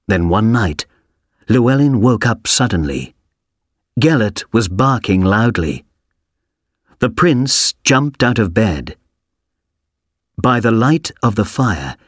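A man reading a story aloud for a language textbook, slowly, clearly and expressively. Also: on the low side, dry recording, studio quality. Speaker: audio reader for a textbook. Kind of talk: scripted storybook narration.

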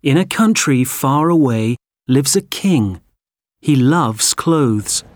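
A man narrating a textbook story in slow, clear, expressive scripted delivery. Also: medium pitch, no echo, studio quality.

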